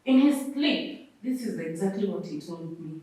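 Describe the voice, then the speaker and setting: A young adult woman with a Kenyan accent telling her own story as an interview guest, expressive and acting out the people she quotes. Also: fairly low pitch, normal speed. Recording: echoey room, far from mic.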